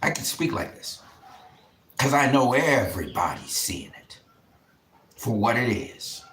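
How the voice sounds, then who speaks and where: Fervent man with a lively, echoey voice. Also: medium pitch, measured pace. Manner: fervent, emphatic, repeats vows, drops to harsh whispers. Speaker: boxing channel host. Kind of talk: impassioned monologue to camera.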